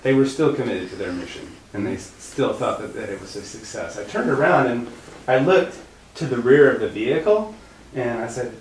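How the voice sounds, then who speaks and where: Man, interview guest, lively pitch, storytelling, far from the mic, echoey room, faint hiss. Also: normal speed. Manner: animated storyteller, laughs at his own story. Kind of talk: casual anecdote in an interview.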